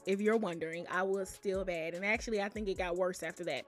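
A young woman telling personal stories in a casual, animated way, often calling out to her listeners. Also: mid-range voice, quick pace, soft background music. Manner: animated, addresses listeners as y'all. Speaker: storyteller. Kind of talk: casual storytelling to camera.

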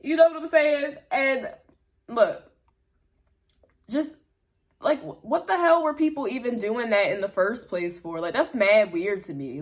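A young woman talking casually to her viewers as a podcast host, chatty and blunt, full of fillers. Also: fairly high pitch. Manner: chatty, filler-heavy, blunt, addresses audience as y'all.

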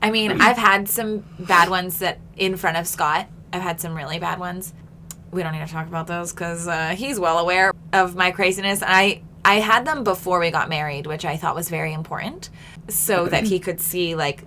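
A woman's voice: lowish voice, steady tone, moderate pace, sharp tone, slight background noise. A woman co-hosting a casual podcast, chatty and self-deprecating, laughing often as she shares stories. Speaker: podcast co-host. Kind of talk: casual chat.

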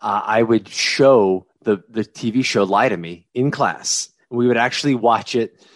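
A man who once taught communication, a guest in a conversational interview, explaining in an animated, lecturing way. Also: lowish voice, measured pace, no echo. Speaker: guest, former communication teacher.

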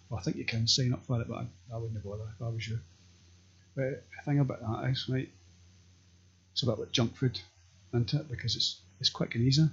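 Scottish male vlogger, raspy and husky, crude deadpan rambler; muffled lo-fi sound. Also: medium pitch. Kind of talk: rambling comic monologue. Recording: dull lo-fi recording.

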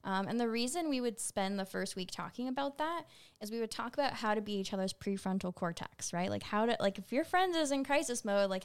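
A woman who co-hosts a podcast and used to teach middle school, chatting casually and telling stories with lively voices for the people in them. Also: mid-range voice, clean tone. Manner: animated storyteller, acts out quoted students.

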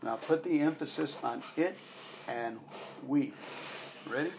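A man reads prayers and psalms aloud, leading listeners in devotion. His delivery is slow and deliberate, with a gravelly edge in his voice. He rises in emphasis at key phrases. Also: mid-range voice, darkish tone, slight background noise. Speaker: prayer leader.

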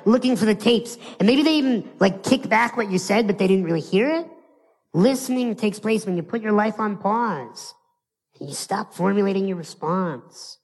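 A motivational speaker from the United States giving an animated live keynote, asking his audience rhetorical questions and acting out little scenes. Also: high-pitched, long reverb tail, rough recording.

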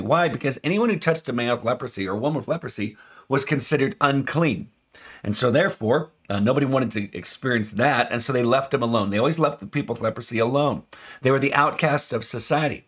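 A pastor talks through a scripture passage in a relaxed, conversational podcast voice. He is a man at a middle pitch, and his voice jumps up when he leans into a key phrase. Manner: earnest, conversational preaching with emphatic rises. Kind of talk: podcast sermon devotional.

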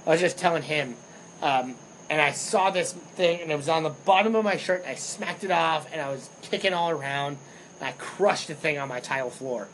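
Animated, storytelling young man, slightly high voice. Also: normal speed, slight background noise, poor audio. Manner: animated storyteller, swears freely. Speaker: podcast co-host. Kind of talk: casual chat.

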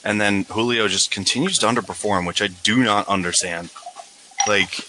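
A man's voice: lowish voice, normal speed, noisy background. A man co-hosting a casual podcast, chatty and teasing, with some swearing. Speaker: podcast co-host.

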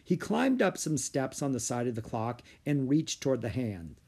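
A man narrating a children's storybook with an expressive reading style. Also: mid-range voice, moderate pace, breathy edge. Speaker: audiobook narrator.

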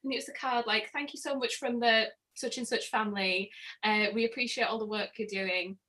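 Bright, lively young northern English woman. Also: a little high, a little fast. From Northern England. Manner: animated storyteller, acts out quotes, laughs often. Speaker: guest. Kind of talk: casual chat.

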